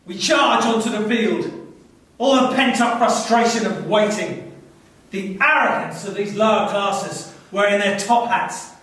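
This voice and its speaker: A man's voice: sits high, unhurried, fairly bright tone. A man playing a gloating cruel cavalryman. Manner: gloating, contemptuous. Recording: very echoey, distant mic.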